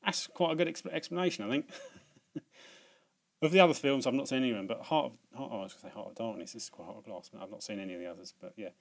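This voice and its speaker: A man's voice: medium pitch, quick pace, vocal fry. A British man hosting a video in casual chat, rambling with many restarts and fillers and laughing at himself. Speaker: video host.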